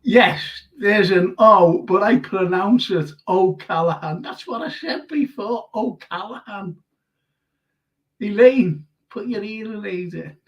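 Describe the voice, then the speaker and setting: Slow-talking Scouse man hosting a show. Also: high voice, a bit bright. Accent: Liverpool Scouse. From Liverpool, England. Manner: chatty, rambling, many fillers and restarts. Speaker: radio show host reading listener comments. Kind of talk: casual live show chat. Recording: dull lo-fi stream audio.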